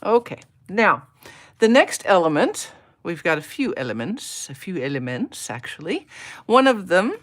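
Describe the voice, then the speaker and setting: A woman's voice: on the low side, sing-song, measured pace. Chatty woman demonstrating a craft live. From United States. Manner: chatty, greets viewers by name; talks to herself while working. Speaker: papercraft demonstrator. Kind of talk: live-stream craft tutorial.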